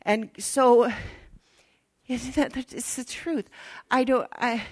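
Slow-talking older woman minister. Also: fairly high pitch. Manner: chatty, folksy, with asides to the congregation. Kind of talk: sermon.

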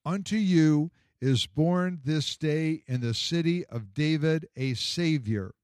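A man voicing an eager teenage shepherd boy who speaks earnestly and deliberately in a storybook reading. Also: medium pitch, expressive, no echo, clean studio sound, close to an everyday voice.

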